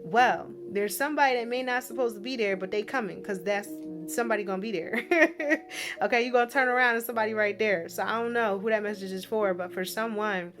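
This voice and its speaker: A woman's voice: medium pitch, a little fast. Woman, spiritual reader, casual message reading, chatty, tag questions, background music. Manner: chatty, repeats tag questions like "right?" and "okay?".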